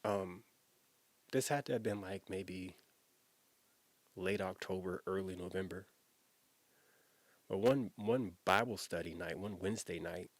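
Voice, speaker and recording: A man's voice: low-pitched, breathy edge, no room sound. A man, a former youth pastor, telling a personal story in an earnest, emotional, conversational way, often repeating himself as he talks.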